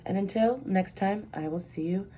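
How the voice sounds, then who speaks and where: A woman giving a casual pick-a-card tarot reading, chatty and excitable, rambling with lots of fillers. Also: mid-range voice, normal speed, a little hiss or hum. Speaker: tarot reader.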